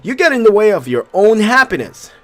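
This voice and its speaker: A man reading a game's cruel blind date, a harsh inner voice, in a slow, cutting, theatrical way. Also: sits high, sing-song, fairly bright tone, voice pushed up.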